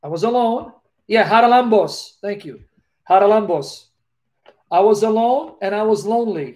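Hosting a live Q&A over a video call, a man with a high, darkish voice speaks at a moderate pace with lively intonation. He tells a personal story earnestly and emotionally, frequently repeating his phrases.

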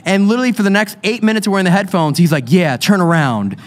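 A man hosting a live paranormal show on stage, telling a story in an animated, excitable way and laughing often. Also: high-pitched, rapid-fire, slight background noise. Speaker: paranormal investigator podcast host.

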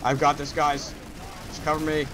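A man giving casual co-op gameplay commentary, chatty and jokey, with quick exclamations as the action unfolds. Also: fairly high pitch, completely flat delivery, fairly bright tone, soft background music, poor audio. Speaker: gamer.

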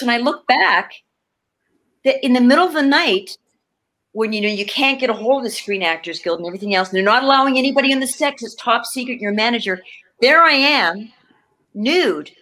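A woman in her fifties, a guest actor from Canada, telling stories in a casual interview over a video call, laughing often and restarting her sentences. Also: high-pitched. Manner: animated, laughing, many restarts.

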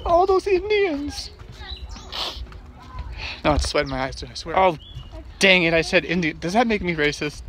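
A man's voice: on the high side, fast, sharp tone, slight background noise. A middle-aged man vlogging on a hike, joking and teasing himself in a playful, casual way. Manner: joking, self-mocking, playful. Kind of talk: casual vlog chat. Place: outdoors at a state park.

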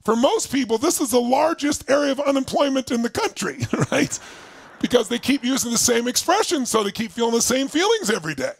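A man with an extremely high, creaky voice leads a live seminar over video call as a motivational speaker. He talks fairly quickly, energetic and emphatic, constantly prodding his audience with "right?", and there's no room sound.

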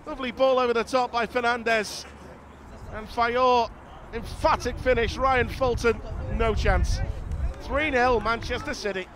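A man commentating on football match highlights, calm between chances and jumping up loud at goals. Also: a little slow, crowd noise. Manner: rises sharply and loud when goals go in. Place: outdoors at a windy football ground.

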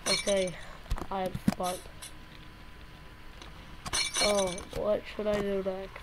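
A woman casually rambling through gameplay commentary, yelping and shouting whenever she loses. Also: medium pitch, level tone, slow. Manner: rambling, yelps and shouts at game deaths. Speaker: gameplay video host. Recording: loud background noise.

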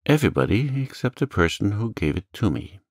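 A man's voice: fairly low pitch, very animated, a little fast, a little mellow, dry recording, clean studio sound, pitched above the performer's own voice. A man doing a raised, earnest young sailor. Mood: earnest, anxious. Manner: pleading, earnest. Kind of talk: calm audiobook reading.

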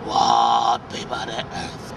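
A woman's voice: rumbling low, completely flat delivery, slow pace, creaky, distant mic, very noisy, pitched below the performer's own voice, full character voice. A woman voicing a brash, foul-mouthed male puppet who insults and mocks in a crude, cackling way. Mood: ranting.

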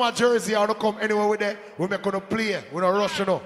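A man with a Jamaican accent hyping a live dance as sound system selector, shouting and joking with the crowd over a handheld mic. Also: high voice, steady tone, fast. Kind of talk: live hype talk at a dance. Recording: echoey hall, faint crowd noise.

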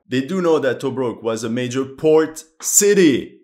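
Animated man reacting to a war game. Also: mid-range voice, normal speed, hardly any pauses. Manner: animated, exclaiming and laughing, often incredulous. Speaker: amateur historian reacting to a video game. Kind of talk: reaction commentary.

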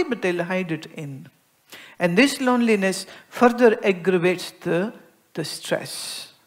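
An Indian-accented woman delivering a spiritual discourse to an audience. She speaks with lively expression, dropping to a soft hush and then rising to emphasis as she explains, often acting out little everyday exchanges. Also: mid-range voice. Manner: expressive, acts out everyday dialogues, swings between soft and emphatic. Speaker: spiritual teacher.

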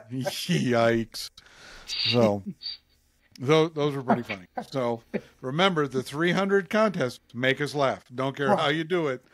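A man's voice: mid-range voice, takes it slowly, pauses often, a bit bright, slight background noise. Giggly man co-hosting a podcast. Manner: laughs often while reading out jokes. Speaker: podcast co-host. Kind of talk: casual chat.

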